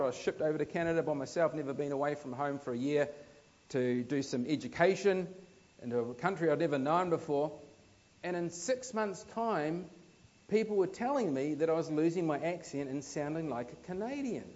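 With a fairly high pitch and a New Zealand accent, this man from New Zealand preaches through anecdotes in a relaxed, conversational style. Emphatic swells give way to gentle asides, though the audio comes across dull.

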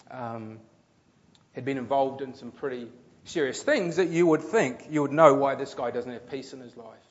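A man's voice: medium pitch, highs cut off. A man, a pastor telling a story in a sermon, in a chatty, rambling way with restarts and fillers.

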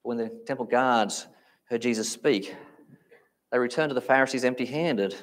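Emphatic male preacher, middle pitch. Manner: emphatic, slows down on key phrases. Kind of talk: sermon.

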